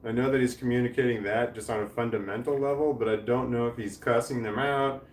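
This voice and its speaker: A man's voice: mid-range voice, steady tone, brisk. A middle-aged man chatting casually as he reads live chat comments, rambling, often restarting his sentences and swearing freely. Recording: echoey room with faint background noise.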